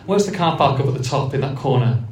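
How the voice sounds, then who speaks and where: A man's voice: mid-range voice, lively intonation, quick pace, a little mellow, distant mic, faint music behind. A man, co-hosting a live podcast and telling a self-mocking story in a function suite. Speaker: podcast co-host. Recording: roomy live sound from off-mic.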